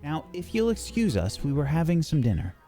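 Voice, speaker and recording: A woman's voice: low-pitched, big pitch swings, fairly quick, warm tone, faint music behind, pitched above the performer's own voice. A man doing a haughty cold townswoman. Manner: clipped and dismissive. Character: haughty cold townswoman offended by a torn cape.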